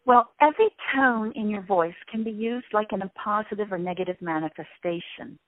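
A woman's voice: medium pitch, brisk, a little hiss or hum. A woman guest in an interview, explaining ideas and shifting her tone to show different ways of speaking. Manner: demonstrates voices by shifting tone. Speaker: sound healing guest. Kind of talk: interview conversation. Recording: tinny phone-like line, dry.

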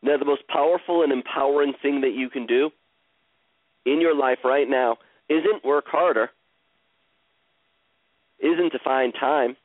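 In a live coaching session, a man calmly walks a caller through the process, repeating his phrases in a slow, soothing, medium-pitched voice. The audio is tinny and thin like a phone line, dry and close, without any room sound.

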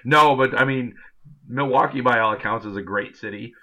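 A man's voice: medium pitch, normal speed, sharp tone. A man in his twenties co-hosting a casual sports podcast, rambling with many fillers. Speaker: podcast co-host. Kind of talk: casual chat. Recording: dull lo-fi sound.

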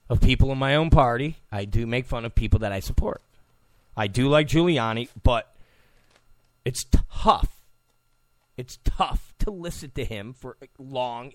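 A man's voice: medium pitch, dry recording. A male talk show host delivering a political monologue in a mocking, joking way, with mock apologies.

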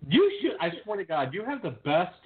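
A laid-back man co-hosts a casual chat and mostly chimes in with short replies. His pitch rises and falls a lot, and the sound is thin, like a phone line. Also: big pitch swings, a little fast. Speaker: podcast co-host.

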